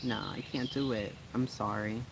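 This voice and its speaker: A man's voice: lowish voice, steady tone, moderate pace, creaky, noisy background. Blunt, profane man livestreaming. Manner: blunt, profane, laughs often. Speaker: livestream host. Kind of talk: casual livestream chat, reading comments.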